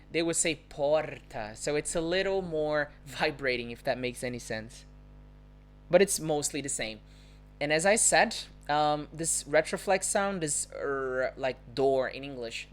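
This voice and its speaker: A woman with a Brazilian Portuguese accent, teaching a live-streamed language lesson, patiently explaining and repeating example words. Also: deep voice. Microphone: phone or webcam on a live stream.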